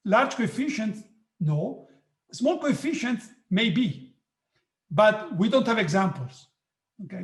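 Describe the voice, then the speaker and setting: A man giving a physics lecture online, halting, with many restarts and frequent "okay"s. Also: sits high, gravelly, reverberant. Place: hot room.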